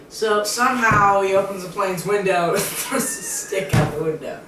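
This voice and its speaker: A young person telling jokes casually, animated and laughing mid-story. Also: medium pitch, moderate pace, few pauses. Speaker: channel co-host. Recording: echoey room from a distance, faint noise.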